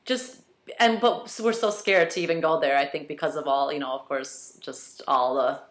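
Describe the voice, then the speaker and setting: A fairly low-voiced woman hosting a relaxed interview. She thinks aloud as she goes, hesitating and letting her sentences trail off. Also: normal speed. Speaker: talk show host. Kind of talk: casual interview conversation.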